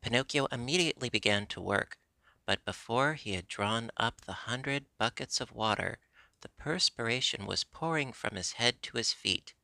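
A man narrating a classic storybook chapter in a steady, measured reading. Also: medium pitch, gravelly, no room sound. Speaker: audiobook narrator.

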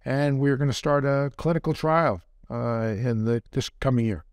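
An older man speaking as a podcast interview guest, relaxed and rambling, with a self-deprecating manner. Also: mid-range voice, moderate pace, clear, resonant tone, dry recording. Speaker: guest, company founder and surgeon.

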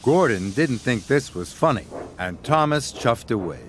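Slow, expressive American storyteller man. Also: mid-range voice, slight background noise. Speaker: narrator. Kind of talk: storybook narration.

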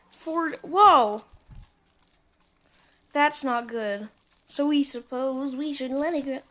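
A woman's voice: high-pitched, very slow, long pauses, a bit bright. A woman casually commentating a mobile game, chatting to viewers and muttering asides as she plays. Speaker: gameplay commentator. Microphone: phone screen recording mic.

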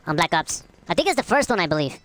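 A woman giving loud, casual commentary over her own gameplay, swearing often and laughing at her own deaths. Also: fairly low pitch, very animated, fast, slight background noise. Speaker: gamer, channel host. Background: game gunfire and explosions.

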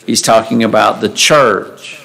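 A man's voice: fairly low pitch, steady tone, unhurried, vocal fry, pushed and bright, rough recording. Man preaching a conversational sermon. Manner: conversational, asks rhetorical questions, reads scripture aloud. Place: church sanctuary.

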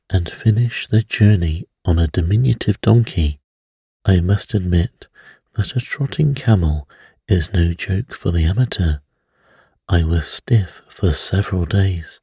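A man reading a mystery aloud as a bedtime story in a soft, soothing way. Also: deep voice, measured pace, husky, no room sound, clean studio sound.

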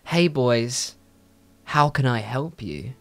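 A man's voice: medium pitch, animated, takes it slowly, fairly bright tone, dry recording. A young man voicing a friendly young woman working a shop counter, with a Spanish accent. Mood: welcoming. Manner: polite, welcoming.

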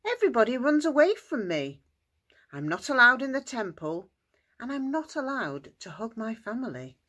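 A woman voicing a suffering man with leprosy who pleads for help, in a high, excited voice. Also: unhurried, heavily acted. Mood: pleading.

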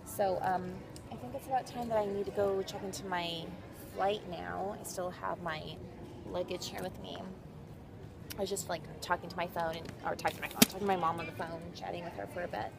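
A woman's voice: fairly low pitch, fairly even intonation, a little fast, vocal fry. A woman talking casually to camera in a travel vlog, chatty and full of "like" and "um". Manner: chatty, filler-heavy with frequent "like" and "um". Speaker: vlogger. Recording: handheld vlog with noisy background ambience.

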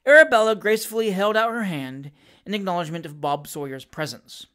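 A steady reader narrating a classic novel, measured and even in delivery. The voice sits at a middling pitch. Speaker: audiobook reader. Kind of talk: reading a classic novel aloud.

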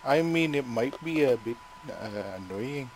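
A man's voice: medium pitch, lively intonation, a little slow, a little hiss or hum, low-quality recording. A young man chatting casually with friends while playing a game, joking, laughing often and swearing casually. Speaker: gamer. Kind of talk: casual gaming banter with friends. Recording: music playing under the voice.

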